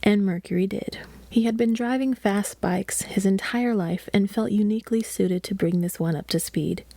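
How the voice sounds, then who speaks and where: A woman reading a thriller audiobook aloud in a steady, even storytelling voice. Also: mid-range voice, moderate pace, no room sound. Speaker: audiobook reader. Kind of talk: audiobook narration.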